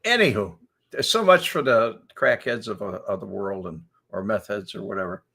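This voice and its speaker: An older man hosting a casual talk show, telling animated stories and laughing often as he acts out quotes. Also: on the low side, moderate pace, vocal fry. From Chicago area. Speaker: show host. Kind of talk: casual storytelling chat.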